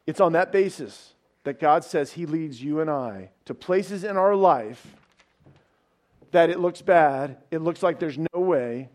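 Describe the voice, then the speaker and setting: A man with a high voice preaching a sermon. He retells the story like a storyteller, tossing in casual asides and asking his listeners questions as he goes. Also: animated, a little slow, a little mellow. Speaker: pastor.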